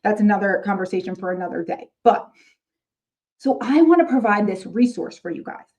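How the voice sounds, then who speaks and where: A woman's voice: medium pitch, expressive, brisk, a little mellow, lo-fi sound. A woman with a New York accent, a middle school marketing teacher hosting her channel, chatting casually with fellow teachers. She keeps checking in with "okay?" and drops wry, joking asides.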